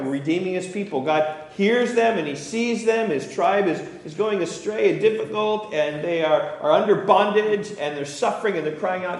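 A man with a somewhat high voice preaches a sermon, reading scripture aloud and then explaining it in earnest, sometimes stumbling into small restarts. The sound is heavily echoey, like a large church sanctuary. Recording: very echoey room.

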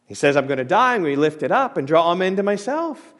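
A man delivering a sermon, his voice sitting a little high for a man. He builds to loud, emphatic peaks and then drops to quiet, close asides, and he often repeats and restarts phrases in the flow of preaching. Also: sing-song, quick pace, hardly any pauses. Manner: emphatic, rising to a loud pitch on quoted scripture, then dropping quiet. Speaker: pastor.

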